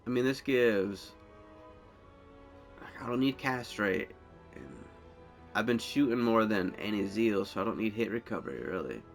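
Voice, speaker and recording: A man's voice: lowish voice, animated, measured pace, gravelly, soft background music. A man giving casual gameplay commentary, rambling and thinking aloud as he plays. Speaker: gameplay streamer.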